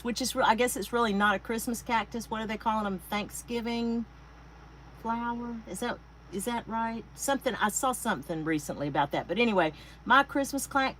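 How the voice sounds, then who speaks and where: A woman's voice: fairly high pitch, fairly bright tone, rough recording. A middle-aged woman from Texas with a Southern accent, chatting casually with livestream viewers and greeting them by name. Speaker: craft livestream host. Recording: faint air conditioner hum.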